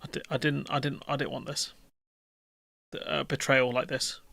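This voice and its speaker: A man's voice: mid-range voice, level tone, moderate pace, gravelly, pushed and bright. A man, hosting a live stream and chatting casually with his viewers in a jokey, rambling, slangy way.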